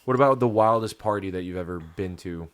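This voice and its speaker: A man with a lowish voice hosts a casual podcast and asks short, loose questions. A faint hiss sits under his voice. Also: fast talker. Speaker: podcast host. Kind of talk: casual interview.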